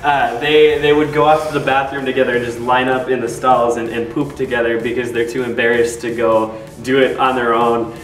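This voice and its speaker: A man's voice: medium pitch, little pitch movement, brisk, hardly any pauses. A young adult man, a youth pastor, retelling funny camp moments casually with lots of fillers and laughs. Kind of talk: casual storytelling to camera. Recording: roomy, distant, faint music.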